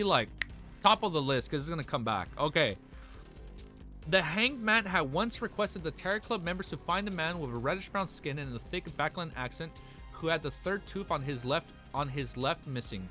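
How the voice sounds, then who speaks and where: A young man streaming live, reading a story aloud and reacting with excited swearing and stumbles. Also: fairly high pitch, normal speed, soft background music.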